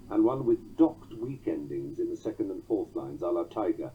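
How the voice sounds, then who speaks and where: In a dull lo-fi recording, a man with a low, animated voice and a breathy edge reads a lesson on poetic meter at normal speed with hardly any pauses. He reads rhythmically, tapping out the beats aloud, audiobook style.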